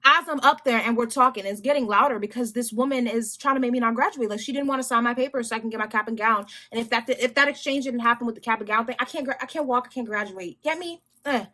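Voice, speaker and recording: A young adult woman vlogger telling a story in a casual, animated, slangy way, addressing viewers directly. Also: fairly high pitch, fast, few pauses.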